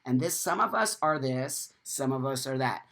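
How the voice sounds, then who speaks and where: A man's voice: mid-range voice, lively intonation, normal speed, gravelly, a bit bright. A man hosting a casual live stream, talking bluntly and swearing freely, and reading out viewer comments as he goes. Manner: reads viewer comments aloud.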